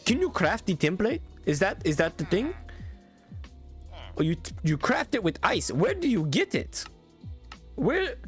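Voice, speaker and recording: A man streaming a game, talking in a put-on Indian accent with a higher, playful voice that repeats itself. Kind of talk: mock-accent bit during a live mod review.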